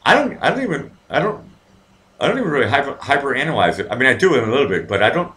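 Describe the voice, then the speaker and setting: Reading viewer comments on his casual livestream, this Boston host talks very fast in a mid-range voice. He's profane and animated, a rambling storyteller who keeps restarting and padding with fillers.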